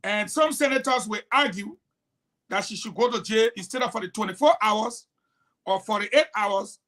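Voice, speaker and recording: A man's voice: high voice, normal speed, a bit bright. A man with a Liberian English accent hosting a political talk show, delivering heated, scolding commentary with rhetorical challenges.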